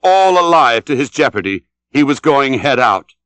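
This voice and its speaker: A man reading an audiobook as scripted narration, dramatic and expressive. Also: medium pitch, normal speed, smooth, no room sound. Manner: dramatic, shouts out the sailors' cries.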